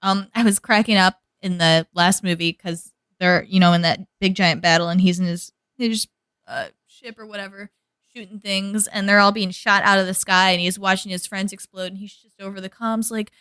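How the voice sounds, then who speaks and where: A woman's voice: medium pitch, fairly even intonation, moderate pace, fairly bright tone, smooth, no room sound. A woman co-hosting a podcast in casual chat, joking and laughing a lot. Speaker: podcast co-host.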